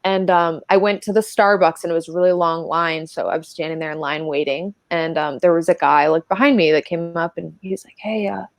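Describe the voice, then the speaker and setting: A woman's voice: low voice, fairly even intonation, a little fast, hardly any pauses, no echo. A woman as a podcast guest, telling stories in a chatty, casual way full of filler words. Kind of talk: casual storytelling chat.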